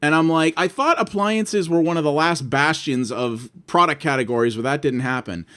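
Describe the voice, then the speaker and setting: Fed-up canadian guy ranting bout bad service, kinda high voice, cursing, plays out both ends of his phone calls. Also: moderate pace, fairly bright tone, clear, resonant tone. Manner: exasperated, swearing, acts out both sides of phone calls. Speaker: vlogger. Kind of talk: ranting monologue.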